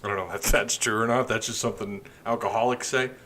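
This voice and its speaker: A man's voice: on the low side, fairly even intonation, fast talker, bright, forceful tone. A man hosting a podcast live stream, chatting loosely and joking while drinking beer. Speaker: podcast host. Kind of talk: casual live stream chat.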